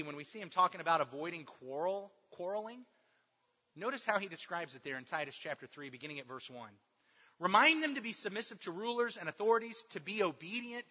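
A man's voice: sits high, pushed and bright, slightly rough. A man preaching a sermon, teaching emphatically and asking the congregation questions. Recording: muffled sound in a reverberant hall.

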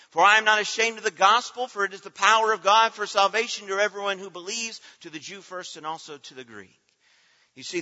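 A man's voice: high voice, sharp tone. A male preacher giving a sermon, speaking emphatically and leading the congregation in call-and-response repetitions. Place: church auditorium. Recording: dull, lo-fi recording with long hall reverb.

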